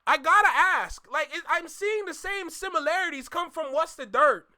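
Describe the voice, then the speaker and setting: A young man reacting on a live stream in casual, slangy talk, excitable, jumping from loud outbursts to low muttering. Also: normal speed.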